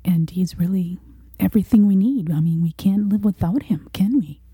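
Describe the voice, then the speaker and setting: A woman interviewing a guest about faith, speaking in a soft, breathy, half-whispered way. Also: medium pitch, moderate pace, no room sound.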